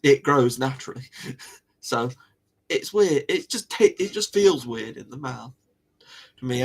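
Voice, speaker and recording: A man's voice: mid-range voice, animated, measured pace, long pauses, husky. A man hosting a livestream, chatting casually to viewers in a rambling way, often laughing and repeating himself. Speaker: livestream host. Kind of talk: casual chat to live viewers.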